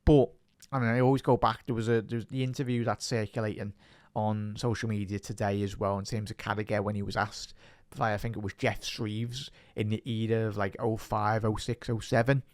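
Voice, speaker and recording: A man's voice: lowish voice, level tone, brisk, no echo. A man with a Liverpool Scouse accent hosting a fan podcast, talking casually and passionately, rambling and often repeating himself.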